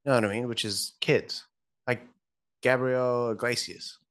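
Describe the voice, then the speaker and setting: A man's voice: medium pitch, fairly even intonation, normal speed, fairly bright tone. A man from Australia, a podcast guest in casual chat who laughs often and swears casually.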